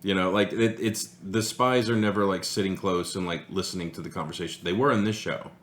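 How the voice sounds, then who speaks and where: A man's voice: low-pitched, steady tone, a little fast, fairly bright tone, roomy sound. A man co-hosting a casual chat show, joking and acting out quotes in silly voices. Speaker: podcast co-host.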